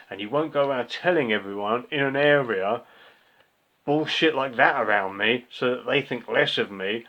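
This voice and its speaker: A man's voice: medium pitch, fairly bright tone. A man giving a ranting monologue review of a record, angry, profane and sarcastic. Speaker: music reviewer. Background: faint music from the record being reviewed.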